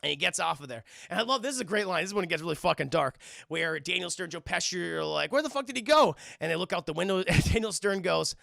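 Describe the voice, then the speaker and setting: A young man chatting to his stream audience as he retells a film's scenes, animated and profane, bursting into silly voices. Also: on the high side, quick pace, creaky, few pauses, no echo, clean studio sound. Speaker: streamer reviewing a film. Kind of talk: casual chat to a livestream audience.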